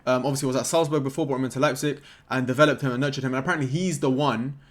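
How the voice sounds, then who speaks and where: A young man rants through a casual football vlog, excitable and jokey. His voice sits at a middling pitch, and he swings between loud, eager bursts and low, muttered asides to himself. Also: racing. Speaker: football content creator.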